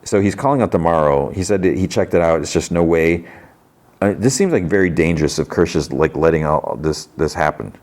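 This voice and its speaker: A man's voice: low voice, brisk, darkish tone. A man hosting a podcast, casually retelling a TV episode and quoting the characters' lines. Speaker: podcast host.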